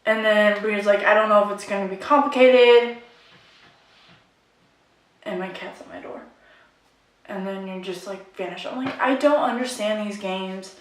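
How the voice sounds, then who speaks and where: A young woman makeup vlogger rants casually to camera, frustrated and rambling, and says "like" often. Her mid-range voice keeps a measured pace with frequent pauses. The room is echoey and the mic is at a distance.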